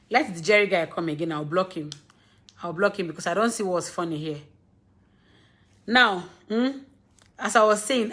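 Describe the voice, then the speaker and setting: A woman's voice: on the low side, a bit bright. A young Nigerian woman hosting a casual live stream, rambling, laughing often and scolding her viewers.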